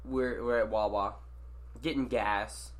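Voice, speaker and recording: A man telling a story in casual chat with friends, animated, swearing and acting out quotes. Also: lowish voice, slow.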